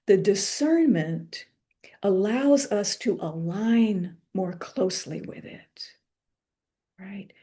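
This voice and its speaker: A woman gives a reflective spiritual lecture in a warm, mellow voice. She speaks unhurriedly and meditatively, letting pauses and soft asides settle between her thoughts. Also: medium pitch. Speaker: lecturer and author.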